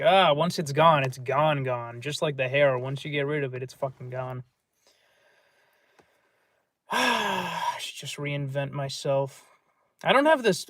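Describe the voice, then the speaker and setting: A man's voice: fairly high pitch, dry recording. Gloomy, cursing man on a livestream. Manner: gloomy, profane, rambling. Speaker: livestream host. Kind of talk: casual livestream chat.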